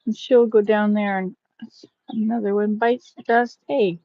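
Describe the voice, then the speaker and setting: Speaking at an unhurried pace in a steady, medium-pitched voice, this woman vlogger rambles through a casual live-stream chat from her garden outdoors, wind chimes nearby. She's chatty and laughs at her own remarks. The phone recording has no room sound and its high frequencies are cut off.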